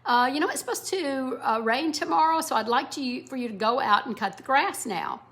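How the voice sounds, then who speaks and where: Firm middle-aged dad giving orders , read by a woman teacher, brighter pitch. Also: expressive, brisk.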